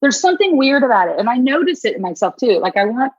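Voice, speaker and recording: A middle-aged woman hosts a podcast in relaxed, frank chat with a friend. Her voice is husky and higher than most, and it leaps around as she acts out little scenes. The sound is dry and a bit dull. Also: fast, no room sound. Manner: animated, acts out quoted voices, laughs often. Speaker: podcast host. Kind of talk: casual chat.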